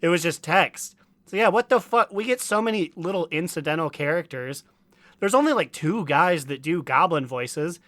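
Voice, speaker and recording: A man co-hosting a casual gaming podcast, talking in an animated way and acting out quoted characters. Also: fairly high pitch, moderate pace, no room sound. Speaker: podcast co-host.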